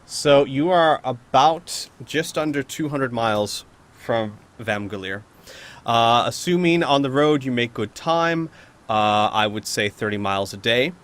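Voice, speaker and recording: A man runs a tabletop game as game master, narrating travel and calling for rolls. His voice is bright and forward, and his delivery is casual and loose, full of pauses and restarts as he thinks out loud. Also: mid-range voice. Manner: casual, hesitant with many fillers.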